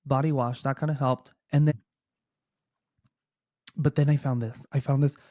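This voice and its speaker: A young man hosting his own podcast from a room at home, talking casually at a desk microphone in a chatty, animated way, full of fillers. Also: medium pitch, moderate pace, no echo, clean studio sound. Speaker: podcast host. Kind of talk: casual chat.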